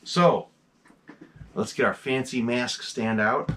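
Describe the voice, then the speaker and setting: A man's voice: medium pitch, steady tone, slow pace, a bit bright, slight background noise. A man hosting a horror mask collection vlog, chatting casually from a desk in his home mask room, enthusiastic and rambling with lots of fillers.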